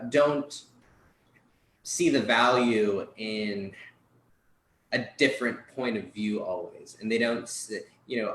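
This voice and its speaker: A man hosting a live-streamed interview, his voice sitting a little low. He rambles through his questions and corrects himself as he goes. The room is echoey, with a faint hiss underneath. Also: fairly bright tone. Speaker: podcast host.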